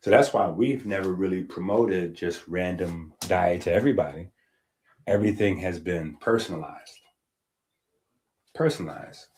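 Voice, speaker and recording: Male streamer with a slightly low voice, emphatic and rhetorical, casual monologue. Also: normal speed, a little mellow, slight background noise. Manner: emphatic, rhetorical, checks in with "right?". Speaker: health streamer. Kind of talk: casual monologue reading from a book.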